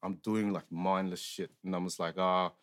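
A man's voice: low-pitched, steady tone, moderate pace, darkish tone. A young Australian man chatting casually, rambling with lots of filler words and swearing freely. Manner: rambling, profane, heavy use of filler words. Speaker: guest sharing life story. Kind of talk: casual chat.

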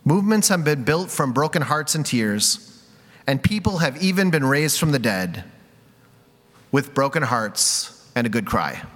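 A man's voice: medium pitch, big pitch swings, unhurried, a bit bright. A man preaching a conversational sermon, candid and self-deprecating, with many casual fillers. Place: church sanctuary. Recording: reverberant hall.

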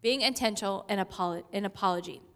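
A woman's voice: medium pitch, fast, a bit bright, smooth. A woman in her thirties giving a conversational sermon in a chatty way, laughing often and using many fillers. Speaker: pastor.

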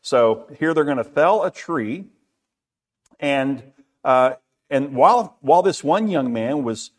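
A man's voice: medium pitch, lively intonation, slow. A middle-aged man preaching a sermon in a conversational way, asking rhetorical questions and often repeating words. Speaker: pastor.

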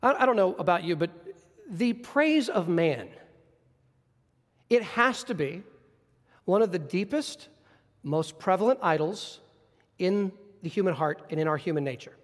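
High-voiced male pastor preaching. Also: lively intonation, unhurried, pauses often. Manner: earnest, explanatory preaching with frequent restarts. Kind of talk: sermon. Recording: long reverb of a large hall.

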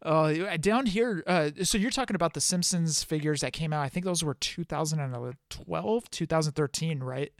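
A man's voice: a little high, normal speed, few pauses, no room sound, studio quality. A man hosting a podcast, chatty and asking questions, laughing often. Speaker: podcast host. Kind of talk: casual chat.

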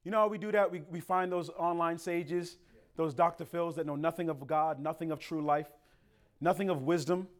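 Male pastor preaching, a bit high-pitched, laid-back slang that jumps to loud emphatic peaks. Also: moderate pace. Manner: animated, conversational street slang. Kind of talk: sermon.

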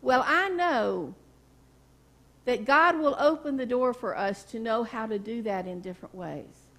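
A woman's voice: fairly high pitch, a little slow, fairly bright tone. A woman pastor preaching a sermon, telling stories in a folksy way and asking the congregation questions. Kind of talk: sermon with storytelling. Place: church sanctuary.

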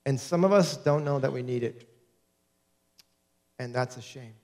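A man preaching a sermon as a pastor, animated and acting out the people he quotes. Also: medium pitch, unhurried. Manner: animated, acts out quoted voices in his preaching.

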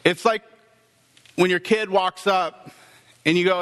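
A male pastor preaching a sermon, telling the story with lively, acted-out dialogue. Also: sits high, unhurried, clean tone, long reverb tail.

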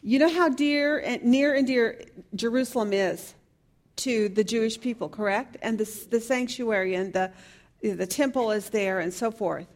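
A woman with a fairly high voice leads a Bible study group. She talks in an earnest, searching way and keeps putting questions to her class. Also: moderate pace.

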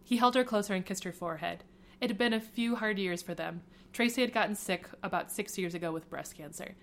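A woman casually reading a story aloud on a podcast. Her voice sits at an ordinary middle pitch. She laughs often and breaks off to make asides between the narrated passages. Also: brisk, a bit bright. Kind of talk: casual read-aloud of fan fiction.

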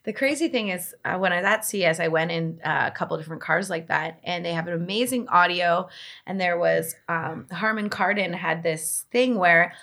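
A woman's voice: fairly low pitch, a little fast, bright, forceful tone. A young woman, chatting enthusiastically as an interview guest about technology, with lots of fillers. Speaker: interview guest, tech blogger. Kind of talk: casual interview chat.

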